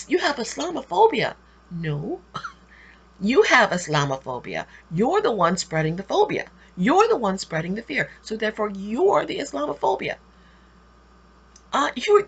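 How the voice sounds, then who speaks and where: A woman's voice: mid-range voice, a bit bright, slightly rough. A woman host giving a preachy religious monologue to camera, emphatic and repetitive, often restarting her words. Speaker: video host.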